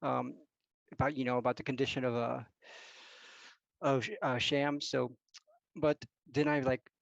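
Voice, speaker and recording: A man playing in a tabletop game, talking haltingly with many pauses and ums. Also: medium pitch, fairly even intonation, creaky, a bit bright, dry recording. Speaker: player. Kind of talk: tabletop game role-play. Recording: dull, dry lo-fi mic.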